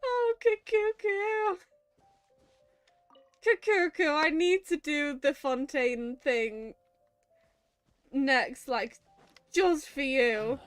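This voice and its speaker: A woman's voice: high-pitched, very slow, pauses often, no room sound, soft background music. A woman streaming a video game, chatting casually and rambling between laughs. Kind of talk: casual gameplay commentary.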